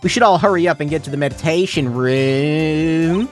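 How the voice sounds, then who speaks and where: A man's voice: fairly high pitch, normal speed, faint music behind, pitched above the performer's own voice, close to an everyday voice. A man voicing a brash, pushy woman photographer with a put-on Southern accent and a folksy, bossy drawl.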